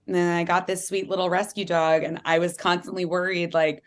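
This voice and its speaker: Woman, thirties, author guest, lower voice, animated chatty talk, candid interview. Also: fairly quick. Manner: animated, chatty, many "like"s, playful voice impressions.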